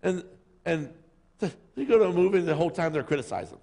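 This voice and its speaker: Man preaching, pastor, middle-aged, lively swooping delivery, slightly high voice, reverb-heavy church hall. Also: fast, gravelly. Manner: jokey storytelling, acting out voices. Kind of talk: sermon. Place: church sanctuary.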